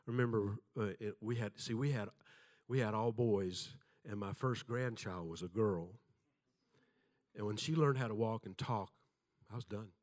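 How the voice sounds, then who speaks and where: A man's voice: on the low side, normal speed, darkish tone. An older man preaching a sermon, telling folksy stories with self-deprecating humor and acting out the voices in them.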